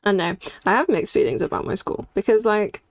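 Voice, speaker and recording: A woman's voice: medium pitch, brisk, no echo. A young woman streaming while she draws, chatting candidly and reacting to her chat. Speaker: streaming artist.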